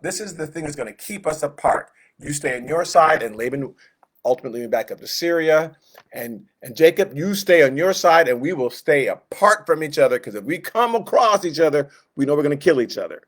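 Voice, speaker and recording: A man teaching a Bible class in a casual, conversational way, with joking asides and quoted voices acted out. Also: fairly high pitch. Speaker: Sunday school teacher.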